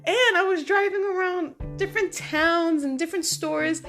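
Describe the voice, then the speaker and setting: A woman vlogging, telling everyday stories in an animated, chatty way full of fillers. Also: very high voice, normal speed, hardly any pauses, soft background music. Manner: animated, chatty, many fillers like "like" and "you know". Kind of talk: casual storytelling monologue.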